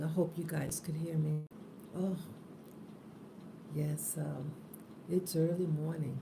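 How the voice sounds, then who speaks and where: A just-woken woman talks slowly and softly on an early morning spiritual live stream, her low voice gravelly with fry. She holds a phone close in a room with the window open, and steady noise sits under the recording. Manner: slow, drowsy, soft-spoken. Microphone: phone held close.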